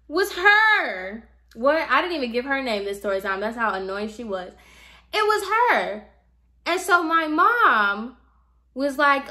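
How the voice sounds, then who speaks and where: A young woman hairstylist telling a casual storytime rant, sassy and animated, acting out the people she quotes. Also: a little high. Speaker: hairstylist vlogger.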